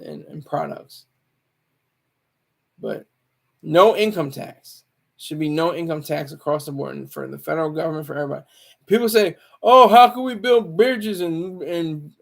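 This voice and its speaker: Gravelly man rambling about taxes. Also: on the high side. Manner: rambling, self-correcting, opinionated. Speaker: Marine Corps veteran. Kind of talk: casual monologue.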